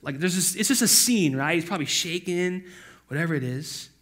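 A man preaching a casual sermon in a conversational way, full of asides, who acts out quoted voices with sudden loud outbursts. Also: a little high, animated, a little fast. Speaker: pastor.

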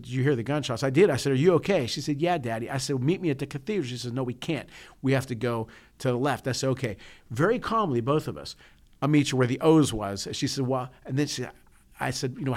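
A middle-aged man chats on a talk show and rambles through a personal story. He keeps restarting his sentences and drifts between asides. His voice sits at an ordinary pitch for a man. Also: quick pace. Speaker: podcast co-host. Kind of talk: casual chat.

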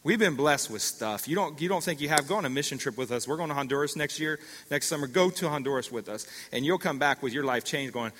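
A middle-aged male pastor preaching in a church with a bright, forceful, slightly high voice. He tells stories with energy and keeps urging the congregation to answer back. His voice rings through the long reverb of a large hall. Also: fast. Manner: animated storytelling with call-outs to the congregation. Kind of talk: sermon.

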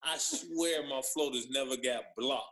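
A man telling lively stories from his playing days in casual chat, acting out what others said. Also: medium pitch, a little slow, reverberant, low-quality recording. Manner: animated storyteller, acts out others' lines. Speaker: former pro basketball player guest. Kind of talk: casual storytelling on a podcast.

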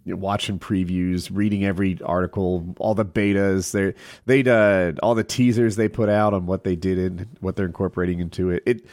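A man's voice: low-pitched, level tone, a little fast, hardly any pauses, darkish tone, no room sound, clean studio sound. A young man streamer chatting casually with friends, rambling and laughing often. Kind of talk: casual chat.

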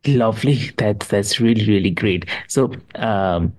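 A man hosting an interview, calmly affirming the guest before asking a question. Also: lowish voice, measured pace. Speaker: interview host.

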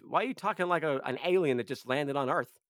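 A man's voice: fairly high pitch, fast, a bit bright, no echo, studio quality. A man playing in a tabletop game, trading sarcastic, teasing banter in character. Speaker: player. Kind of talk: casual role-play banter.

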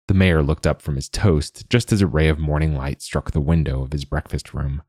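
A man narrating a storybook in a measured, wry way. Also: a bass voice, steady tone, a little mellow, breathy edge, dry recording, clean studio sound.

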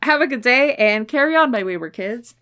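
Excitable swearing woman podcast host. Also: on the high side, brisk. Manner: excitable, swears freely, laughs often. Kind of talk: casual chat.

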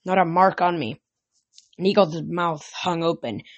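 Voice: medium pitch, measured pace, no echo, highs cut off. An amateur reader casually reading a novel aloud, often tripping over words and correcting them. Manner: stumbles and corrects words mid-sentence.

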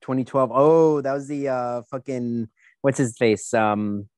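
A man's voice: medium pitch, a little slow, a little mellow, no room sound. Profane ranting man on a podcast. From United States. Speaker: podcast co-host. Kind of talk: casual chat.

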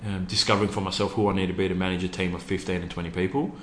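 An Australian man with a low, deep voice, earnest and hesitant, peppering his story with ums. The room is echoey, with a faint hum underneath. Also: flat delivery, rapid-fire. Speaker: interview guest, youth program founder. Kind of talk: casual storytelling in an interview.

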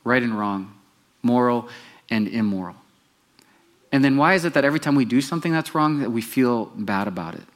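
A pastor preaching a sermon, telling the story with animation and putting questions to the congregation. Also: male voice, mid-range voice, lively intonation, fairly quick.

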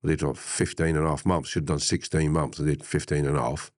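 A middle-aged man with a very low voice spins an animated story in casual interview talk, laughing and swearing as he goes. His voice sounds dry and close, with no room around it. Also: quick pace, no room sound.

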